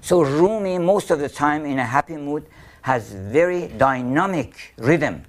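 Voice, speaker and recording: A man's voice: on the high side, lively intonation, unhurried. A man with a Persian accent explaining poetry in an interview, telling anecdotes and chanting rhythms aloud. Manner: storytelling, chanting poetic rhythms. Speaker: poet and painter teaching Persian poetry.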